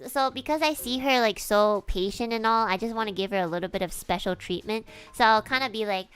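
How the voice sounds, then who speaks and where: A young woman streamer telling a casual story in an animated way, giggling often and swearing casually. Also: fairly high pitch, fairly quick, clear, resonant tone, faint music behind.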